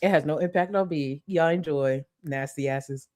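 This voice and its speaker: A woman's voice: sits low, normal speed, a little mellow, no echo, clean studio sound. A woman streaming live, reacting to clips with casual commentary, joking asides, mock-dramatic rants and plenty of swearing.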